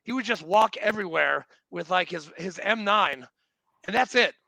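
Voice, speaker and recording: Brief: male guest in his forties, high bright voice, laid-back profane stories. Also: animated, normal speed, gravelly, no echo, low-quality recording. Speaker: podcast guest; Marine veteran. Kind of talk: casual war-story chat.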